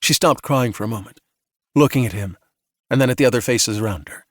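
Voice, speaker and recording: A man narrating a calm bedtime sci-fi audiobook with slow, soothing storytelling. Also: mid-range voice, no room sound, clean studio sound.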